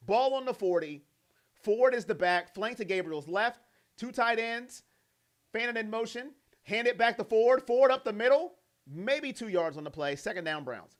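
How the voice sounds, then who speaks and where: A young man with a high, bright voice calls a football game play by play as an excited fan. He rattles off formations and handoffs, then jumps into jokey, animated asides. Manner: animated, jokey, mimics players in quoted voices. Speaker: fan commentator.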